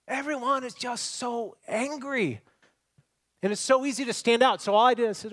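Earnest preaching man, fairly high voice. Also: brisk, no echo. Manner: earnest, swings from quiet to loud emphasis. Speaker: pastor. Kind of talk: sermon.

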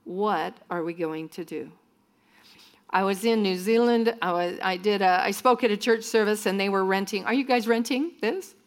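Telling stories to a church group of students in the style of a sermon, a woman minister frequently voices other people's words. She speaks at a normal pace in a mid-range voice.

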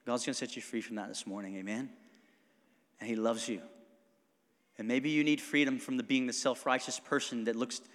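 A pastor delivering a sermon in a casual, animated manner, often breaking into quick laughs between points. His voice sits at an ordinary middle pitch for a man. It carries a long hall reverb from the church sanctuary. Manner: conversational, animated, laughing asides.

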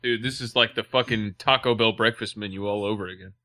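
A man jokes and swears through a casual podcast chat. His voice has a bright, forceful edge. He keeps it playful and loose. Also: fairly low pitch, steady tone, quick pace, no room sound. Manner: playful, profane, joking. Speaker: podcast co-host.

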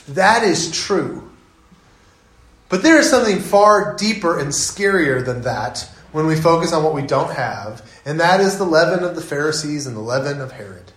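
A man preaching a sermon as pastor, telling it in an animated, conversational way. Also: fairly high pitch, moderate pace, reverberant, poor audio.

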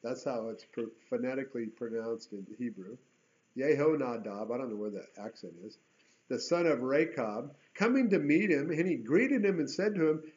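A man's voice: medium pitch, lively intonation, unhurried, darkish tone. A man teaching through Bible passages verse by verse, reading aloud and breaking off into casual, conversational asides. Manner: conversational, with chatty asides between read verses. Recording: dull lo-fi recording.

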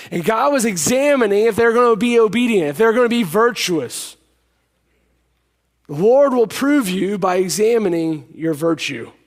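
A man preaching a sermon, emphatic, repeating key lines and dropping to a hush when he tells a story. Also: sits high. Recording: hall reverb.

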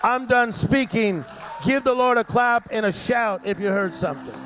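A man's voice: very high-pitched, moderate pace, music in the background. A middle-aged man preaching a fervent sermon at a church service, rousing the congregation with call-and-response. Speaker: guest preacher. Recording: echoey hall reverb.

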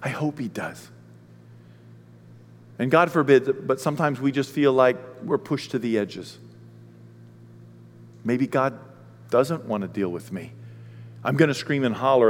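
A man delivers a sermon from a church pulpit, his voice ringing with a long hall reverb. He preaches in an animated way and breaks into the voices of people in the story as he goes. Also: mid-range voice. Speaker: pastor. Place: church sanctuary.

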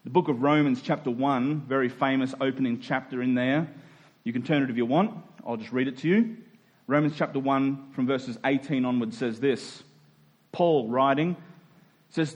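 A male pastor preaching a sermon, emphatic, slowing down to stress key words. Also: mid-range voice.

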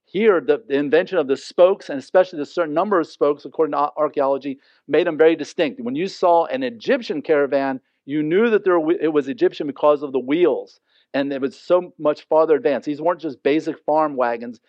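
A man delivers a sermon, reading a passage aloud and then unpacking it in plain, conversational words. His voice sits a little high for a man. The sound is dry and slightly dull, like a modest lo-fi recording. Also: a little fast, a little mellow, dry recording. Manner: reads scripture aloud then explains it conversationally. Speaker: pastor. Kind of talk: sermon, verse-by-verse Bible teaching.

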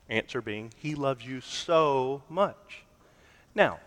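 A man preaching a sermon, deliberate and emphatic, stretching key words for weight. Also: sits high, a bit bright. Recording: long hall reverb.

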